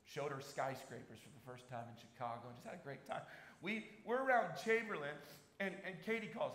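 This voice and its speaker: A man's voice: mid-range voice, big pitch swings, fast. Man preaching in an echoey church. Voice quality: storytelling, shifts between soft and emphatic. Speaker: pastor. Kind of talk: sermon. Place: church sanctuary. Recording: echoey church hall, faint noise.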